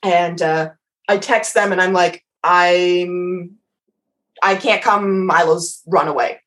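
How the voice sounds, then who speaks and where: A woman's voice: lowish voice, steady tone, unhurried, fairly bright tone. A woman telling a story in casual podcast chat. She swears freely, mocks herself and laughs through it.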